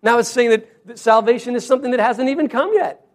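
A man's voice: very high voice, fast talker. A man preaching a sermon to a congregation, earnest, often repeating and restarting his words. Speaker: pastor.

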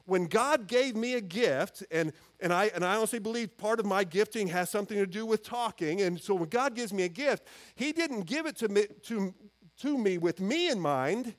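A man's voice: sits high, lively intonation, moderate pace. A man preaching a sermon in an earnest, conversational way, often restarting his phrases. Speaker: pastor.

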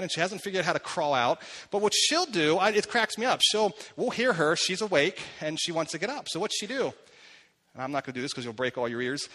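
A man's voice: high-pitched, fairly bright tone. A man in his thirties preaching a sermon, talking conversationally and putting questions to the congregation. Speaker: pastor. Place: church hall. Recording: long hall reverb.

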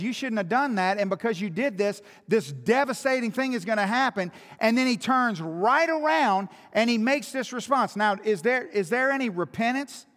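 A man's voice: very high voice, a bit bright. A man preaching a sermon in a church, emphatic and full of rhetorical questions. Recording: long hall reverb.

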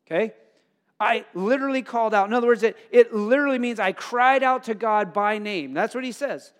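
A man preaching a sermon as pastor, building to emphatic, loud points and dropping to soft, quiet lines. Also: very high voice, fairly quick, long reverb tail.

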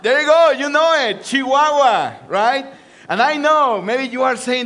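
Lively Mexican-accented man preaching. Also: extremely high pitch, a little slow. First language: Spanish. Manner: lively, joking with the congregation. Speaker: guest preacher. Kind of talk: sermon. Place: church.

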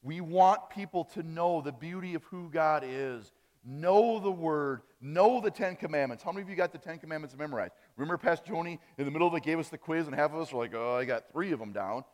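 A man from Wisconsin preaching a sermon as pastor, rising on key phrases and dropping soft at the ends of lines. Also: on the high side, fairly quick. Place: church sanctuary. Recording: reverberant church hall.

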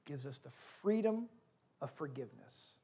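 A man's voice: mid-range voice, very animated, normal speed, gravelly, mellow, husky. Earnest male pastor preaching. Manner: earnest storytelling with varied emphasis. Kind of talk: sermon.

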